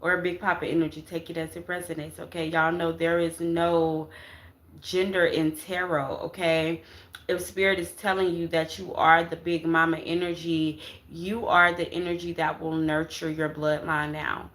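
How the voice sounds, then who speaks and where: A low-voiced woman with a fairly bright tone and flat delivery at normal speed gives her viewers a casual spiritual tarot reading. Emphatic and repetitive, she calls them "y'all" and "baby," and tacks "okay?" onto nearly every phrase, also punctuating with "Ashe."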